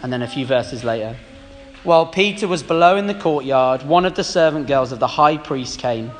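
A man's voice: mid-range voice, expressive, normal speed, in a large hall. A man giving a sermon, reading scripture passages aloud and commenting on them with rhetorical questions. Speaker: preacher.

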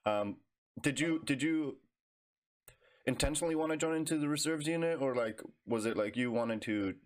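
A man with a medium-pitched voice speaks at a moderate pace. A fellow veteran, he conducts a casual interview, asking questions in a relaxed, profane way full of slang and cursing.

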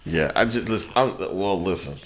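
Male podcast co-host, lively swinging pitch, cussing and ranting. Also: normal speed. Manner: profane, animated ranting; quotes people in put-on voices. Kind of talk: casual chat.

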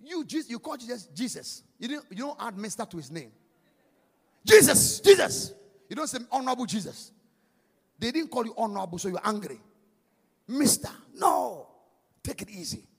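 A man preaches in a church hall, his high voice leaping up and down in sing-song swells. His tone is gravelly with a husky edge. Long reverb from the room trails after each shouted line. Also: big pitch swings, fairly quick. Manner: swings from hushed to shouted, sing-song emphasis, calls for claps. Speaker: pastor. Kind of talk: sermon.

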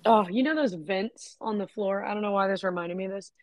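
A woman's voice: mid-range voice, brisk, a little mellow, no echo. Frank, profane young woman storyteller. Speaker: podcast co-host. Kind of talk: casual chat.

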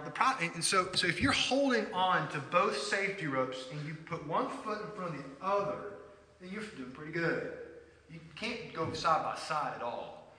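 Bright-voiced male pastor in a reverberant hall. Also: a little high. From United States. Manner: conversational, animated, frequent restarts. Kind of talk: storytelling sermon. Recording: roomy hall with long reverb.

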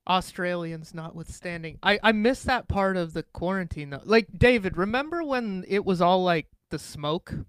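Casting note: high, smooth male voice, dry close mic, joking casual podcast host. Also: animated, moderate pace, few pauses, fairly bright tone, no echo. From Pacific Northwest of the US. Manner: joking, swears casually, tells anecdotes. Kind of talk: casual chat.

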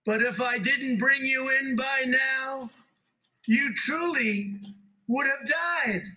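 A man's voice: very high-pitched, slow pace, heavily acted. A man voicing an exclaiming tender-hearted woman. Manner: loud, exclaiming.

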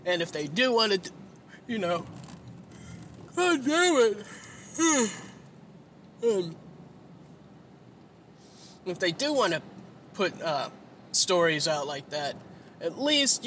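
Tired, slow-talking man in a car. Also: high-pitched, very animated, fairly bright tone. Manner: rambling, swears often, many fillers. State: sleepy and tired. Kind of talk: casual rambling monologue. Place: inside a car while driving. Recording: road and engine noise in a car. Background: vehicle noise.

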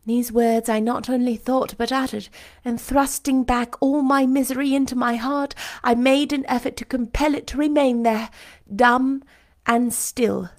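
A woman narrating a classic novel in the first person, expressive and emotional. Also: a little high, measured pace. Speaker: audiobook narrator. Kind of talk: expressive literary reading.

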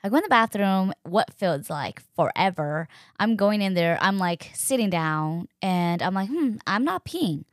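A woman's voice: on the low side, a little slow, hardly any pauses, no echo. Chatty young woman, dry close sound. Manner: animated, chatty, fills speech with "like", acts out quotes. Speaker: podcast host. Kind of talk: casual storytelling.

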